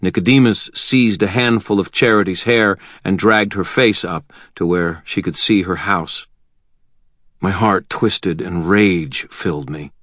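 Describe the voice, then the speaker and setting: Deep male narrator, dry close sound, measured first-person audiobook reading. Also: a bit bright, no room sound.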